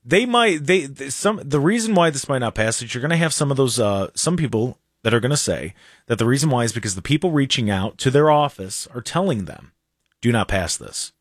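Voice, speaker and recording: A male radio host chats in a casual, halting way and often starts his sentences over. His pitch rises and falls in a lively way. The studio mic sounds close and dry. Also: dry recording. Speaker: radio talk show host. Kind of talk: casual talk show banter. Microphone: studio microphone.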